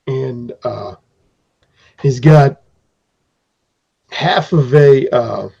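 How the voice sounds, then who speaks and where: A man's voice: mid-range voice, very slow, creaky, dark tone, husky. A man improvising narration as game master for a tabletop game, rambling, with fillers and restarts. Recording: dull lo-fi recording.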